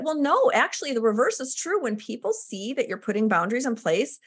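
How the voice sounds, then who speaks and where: A woman's voice: sits high, big pitch swings, fairly quick, hardly any pauses, breathy edge. A woman hosting a podcast interview and mentoring health practitioners, talking in an enthusiastic, affirming and emphatic way. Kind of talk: conversational interview.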